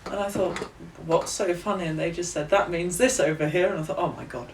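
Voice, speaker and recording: A woman's voice: on the low side, a little fast, recorded from a distance, very noisy. Chatty woman in an echoey room. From England. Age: young adult. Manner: chatty, laughs often, acts out quoted voices. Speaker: author guest. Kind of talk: casual interview storytelling.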